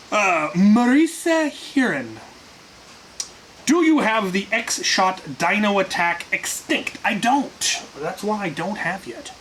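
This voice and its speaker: A man's voice: high voice, a bit bright, rough recording. Offhand man answering fan questions, faint hiss. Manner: dry, offhand humor with frequent restarts and fillers. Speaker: host answering viewer questions. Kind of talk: casual Q&A. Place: workshop.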